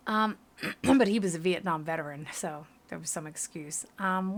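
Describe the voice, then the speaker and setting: A woman's voice: lowish voice, moderate pace. A woman reading a game aloud, dropping candid, self-deprecating asides. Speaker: game reader.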